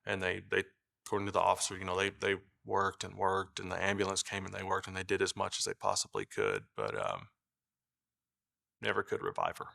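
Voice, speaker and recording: Man, middle-aged, documentary interview, bright gravelly tone, hesitant speech. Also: low voice. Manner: halting, with frequent fillers and restarts. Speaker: brother of the deceased.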